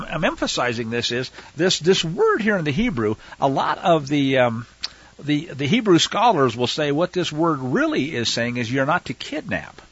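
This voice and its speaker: Male Bible teacher, slightly raised husky voice, lively pitch, explains with frequent fillers, muffled dry recording. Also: no echo. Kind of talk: Torah study teaching.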